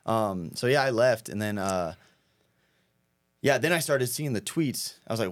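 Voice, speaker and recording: A man's voice: lowish voice, expressive, measured pace, pauses often, no room sound. Young man, casual rambling chat, fillers and cursing, dry sound. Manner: rambling, swears a lot, many fillers. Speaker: podcast guest, prankster.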